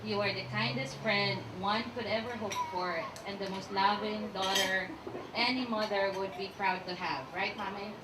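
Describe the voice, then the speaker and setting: A woman's voice: medium pitch, fairly even intonation, moderate pace, very noisy. Giggly woman reading a maid-of-honor toast. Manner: giggly, emotional, reading from notes. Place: restaurant reception. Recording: echoey room, mic at a distance.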